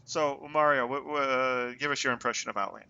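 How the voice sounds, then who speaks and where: A man's voice: mid-range voice, steady tone, a little fast, vocal fry, sharp tone, lo-fi sound. A man hosting a casual podcast who teases his co-hosts and leads the talk with questions. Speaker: podcast host. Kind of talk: casual chat.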